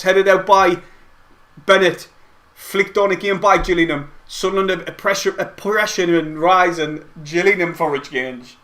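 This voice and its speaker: Bloke doing fan commentary at home, high voice, gets carried away, swears a bit. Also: male voice. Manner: excitable, rambling fan commentary with mild swearing. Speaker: fan streamer hosting a watch-along. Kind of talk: casual live play-by-play commentary. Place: at home, not at the stadium.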